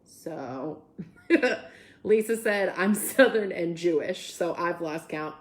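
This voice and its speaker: A woman's voice: fairly low pitch, lively intonation, takes it slowly, roomy sound. Upbeat woman hosting a livestream. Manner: upbeat, reads viewer comments aloud and reacts. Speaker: host. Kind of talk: casual live-stream chat.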